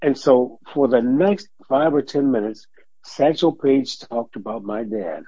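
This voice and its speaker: This interview guest, an older ex-police officer from Detroit, USA, spins unhurried stories in a medium-pitched voice, laughing a lot and impersonating the people he quotes. The recording is dry, dull, and lo-fi.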